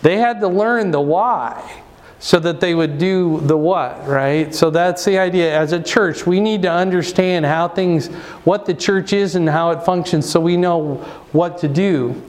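A man's voice: high voice, unhurried. Man giving a conversational church lesson. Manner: conversational, rambling with restarts and asides. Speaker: pastor. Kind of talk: church teaching talk.

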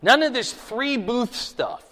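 A man's voice: extremely high pitch, sing-song, slow pace, pushed and bright. A man preaching an expository Bible sermon, conversational and emphatic, pushing his voice up for stress. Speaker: pastor. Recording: long hall reverb.

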